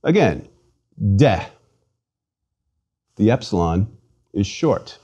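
A man's voice: medium pitch, very animated, dark tone, highs cut off. A man giving a scripted language lesson, patiently spelling out letters and sounding out syllables for listeners to repeat. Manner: slow, patient, enunciates each letter and syllable. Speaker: language instructor.

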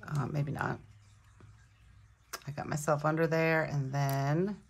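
A woman chatting casually at home as she unboxes planner supplies, excitable and gushing, thinking aloud as she goes. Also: low voice, slow, creaky, husky. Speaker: planner vlogger. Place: home room.

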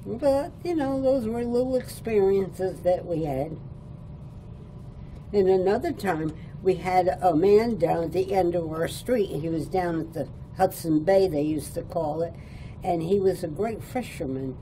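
Slow, mellow-voiced older woman reminiscing. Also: lowish voice, slight background noise, poor audio. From born in Italy, raised in New York State. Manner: chuckles while recalling childhood stories. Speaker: oral history interviewee. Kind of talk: reminiscing storytelling. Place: adult care home.

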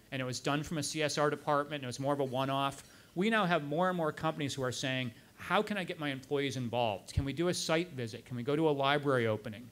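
Male guest speaker, slightly higher voice, anecdotal storyteller at a club event. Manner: anecdotal, quoting others in lively asides. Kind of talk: storytelling talk.

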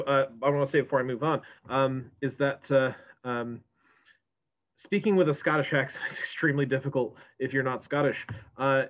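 Easygoing male host on a thin, phone-like call line, talks in loose asides. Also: medium pitch. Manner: chatty, rambling with fillers. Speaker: moderator. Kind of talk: casual event hosting. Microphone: video call. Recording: tinny call audio.

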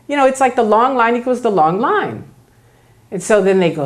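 A woman's voice: mid-range voice, moderate pace. A woman giving a public talk, telling stories and acting out the voices of the people in them. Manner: animated, acts out voices of others. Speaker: guest speaker.

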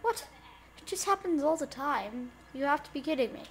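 Giggly high-voiced woman playing a game. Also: normal speed, slight background noise. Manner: giggly, excitable, talks to the game characters. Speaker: let's play gamer. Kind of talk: casual gameplay commentary.

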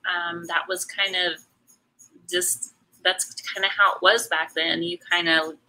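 A woman's voice: lowish voice, little pitch movement, unhurried, bright, forceful tone, rough recording. A middle-aged woman chatting casually while she paints, answering viewer comments in a rambling way with many ums and restarts. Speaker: artist hosting a live painting stream.

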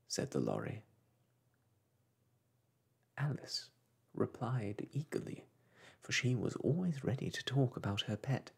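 A man narrating a classic children's book in a soft, gentle way. His voice is husky and gravelly, his pace slow, and his pitch moves a lot. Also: sing-song. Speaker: storyteller. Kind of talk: soft-spoken storybook reading.

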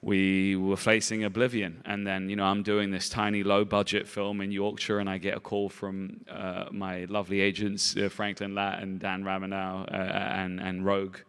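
A man answering interview questions in a rambling, halting way, repeating words and filling gaps with "you know". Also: low voice, monotone, a bit bright, smooth. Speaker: film director and actor, interview guest. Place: festival stage in a large hall. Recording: long reverb of a large hall.

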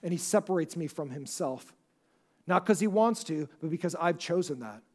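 A man's voice: fairly high pitch, animated, moderate pace. A man preaching a sermon as pastor, talking conversationally with many restarts and asking the congregation questions. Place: church service before a congregation.

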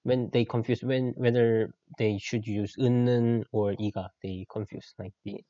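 A man with a Korean accent teaches an online lesson, switching between English and Korean words. His voice is mellow and dark. He repeats key phrases patiently, and the recording sounds a little dull. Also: fairly low pitch, little pitch movement, brisk, no room sound.

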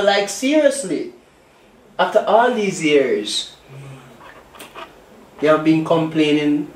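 A man's voice: fairly high pitch, close to an everyday voice. A man playing a betrayed Jamaican husband. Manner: pleading, repetitive, rising questions. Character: betrayed husband, hurt and accusing. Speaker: actor. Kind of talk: low-budget film acting. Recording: echoey room, faint hiss.

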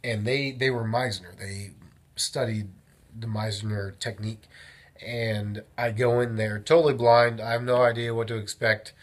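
A young man talking casually in his daily vlog, rambling and animated as he tells a story and often interrupts himself. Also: mid-range voice, unhurried. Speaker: vlogger.

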